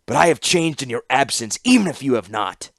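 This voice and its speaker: A man voicing a stern, commanding older warlord who speaks grimly and forcefully. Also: mid-range voice, very animated, creaky, no echo, pitched above the performer's own voice. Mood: scornful. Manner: grim, slow and forceful.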